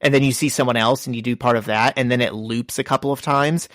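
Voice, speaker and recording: A man co-hosting a podcast, talking casually with plenty of filler words. His voice sits in a middle pitch and he rambles with eager enthusiasm. The recording is dry and close, with no room sound. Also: steady tone, fast, a bit bright, dry recording. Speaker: podcast co-host. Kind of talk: casual chat.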